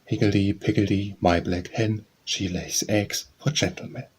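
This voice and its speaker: A man's voice: on the low side, fairly even intonation, moderate pace, slight background noise. A man reading nursery rhymes aloud as an audiobook, in a sing-song, rhythmic recitation. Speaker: audiobook reader.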